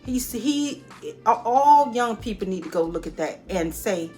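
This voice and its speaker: A woman talks through a movie review in a chatty, expressive way, speaking straight to her viewers and calling them honey. Her voice sits at a middle pitch for a woman, and faint music plays softly behind her. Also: normal speed. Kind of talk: casual spoken movie review. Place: at home near her dishes.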